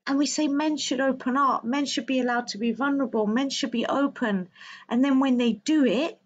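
A woman's voice: sits high, a little fast. A woman hosting a wellbeing livestream, talking to her viewers in a casual, passionate, emphatic monologue. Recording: slightly dull lo-fi audio.

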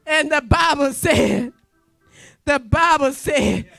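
Fervent gravelly-voiced woman evangelist. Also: high-pitched, animated, slow, faint music behind. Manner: impassioned, shouting and exclaiming hallelujah. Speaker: evangelist preacher. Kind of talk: fervent sermon.

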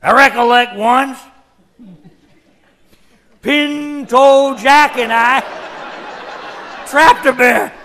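A man acting out a hundred-year-old backwoodsman who rambles through his tall tales in a folksy drawl and cackles as he goes. His voice is high and bright. He is a stage comedy figure who gets lost in his own story. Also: drawn-out words, long pauses, some chatter behind, full character voice. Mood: confused, excited. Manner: cackling, repeats the same yarn.

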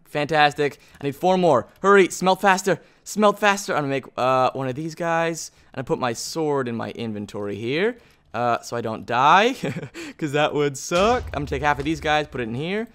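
Excitable man narrating his gameplay. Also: mid-range voice, moderate pace. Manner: excitable, talks to objects in the game. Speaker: gaming video host. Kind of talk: gameplay commentary.

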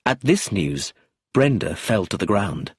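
A man's voice: fairly low pitch, big pitch swings, a little slow, slightly rough, no room sound, clean studio sound. A man narrating an audiobook in the first person, telling the story expressively.

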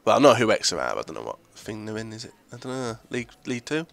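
A young man commentating his own football video game match, blunt and swearing freely with sudden loud outbursts. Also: on the low side, sing-song, very fast, gravelly, no room sound. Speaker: gaming video creator. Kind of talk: live gameplay commentary.

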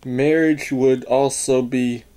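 A man talking casually and haltingly as he reviews a coin, stopping to correct himself. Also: mid-range voice, fairly even intonation, dark tone. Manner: slow, halting, unsure talk with fillers and self-corrections.

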